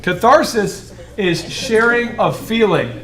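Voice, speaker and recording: A man coaching a room of business owners, animated and joking, often acting out the voices of people he describes. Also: high-pitched, slow, a crowd in the background. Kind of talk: coaching workshop talk.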